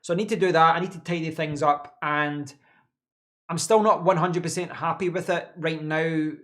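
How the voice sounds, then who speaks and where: A man's voice: fairly high pitch, steady tone, normal speed, fairly bright tone. Rambling man on a live stream. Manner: rambling, repeats words while thinking. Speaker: live stream host answering chat. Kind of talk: casual live-stream chat. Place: home office desk.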